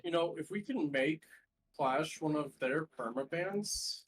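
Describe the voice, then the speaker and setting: A man with a fairly high voice chats while gaming. He talks through team strategy in a relaxed, offhand way. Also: a little slow, low-quality recording. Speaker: teammate in a game. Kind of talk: casual chat while gaming.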